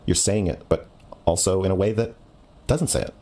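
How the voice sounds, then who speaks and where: A man's voice: deep voice, moderate pace, dark tone. A man streamer arguing with a caller in a blunt, lecturing way, often cutting the other person off. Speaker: streamer taking a call. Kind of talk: heated debate on a call.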